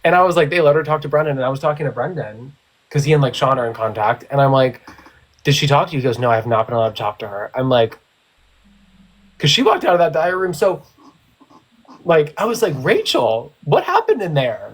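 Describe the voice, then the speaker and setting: A man's voice: mid-range voice, expressive, fast, pauses often, rough recording. A young man hosting a casual live stream chat, telling stories and teasing his guests. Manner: chatty storyteller, teasing.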